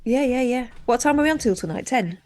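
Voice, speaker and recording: A woman's voice: a little high, animated, darkish tone. Teasing woman co-host. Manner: teasing, quick retorts. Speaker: co-host of a late-night live stream show. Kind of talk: casual chat.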